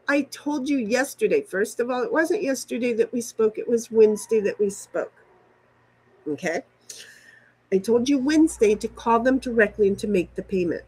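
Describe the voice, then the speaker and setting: A woman vlogger vents in a furious rant, swearing and circling back over the same points. Her voice sits a little high. The sound is close and dry, with no room echo. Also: moderate pace, a little mellow, slightly rough. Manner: furious, ranting, swearing, repeating herself. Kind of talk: angry venting to camera.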